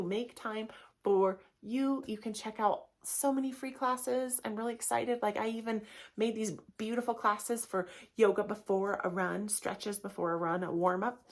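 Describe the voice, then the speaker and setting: A woman hosting her own yoga podcast, speaking alone to her listeners. Her talk is casual and gushing, full of encouragement and open affection. She sounds middle-aged, with a voice that sits in an ordinary middle pitch. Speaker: yoga teacher and podcast host. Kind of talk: casual motivational podcast monologue.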